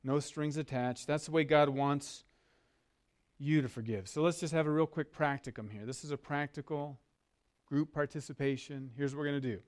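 A man's voice: a little high, moderate pace. A man preaching a sermon as a pastor, earnest and leading his listeners to repeat words with him. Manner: earnest, leads congregation call-and-response.

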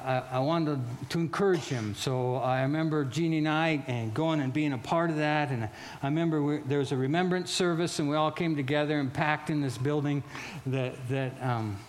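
A male pastor delivers a sermon in a notably high, light voice. He preaches with animated emphasis, repeating and restarting phrases as he builds his points, then drops to a hushed, slower tone for solemn stories. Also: a little hiss or hum.

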